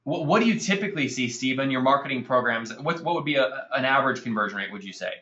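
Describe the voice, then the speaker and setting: A man's voice: mid-range voice, fast, echoey room, dull audio. Upbeat man hosting a marketing webinar. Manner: energetic, salesy, addresses audience as guys. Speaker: webinar host.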